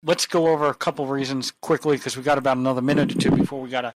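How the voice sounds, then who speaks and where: A man's voice: mid-range voice, fairly even intonation, very fast, heavy background noise. A man co-hosting a podcast, bantering in a jokey, playful way. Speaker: podcast co-host. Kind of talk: casual banter.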